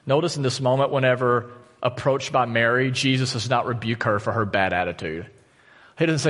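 Male pastor preaching an earnest sermon; average pitch, reverberant auditorium sound. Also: a little fast, a bit bright. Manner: earnest, direct appeals to the congregation. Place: church auditorium. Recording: long church hall reverb.

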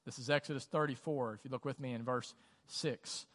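A man with a mid-pitched voice preaches a sermon in a relaxed, conversational way. He leans on "like" and asks the congregation questions as he goes. His voice rings through a church hall with a long reverb. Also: brisk. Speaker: pastor. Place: church auditorium.

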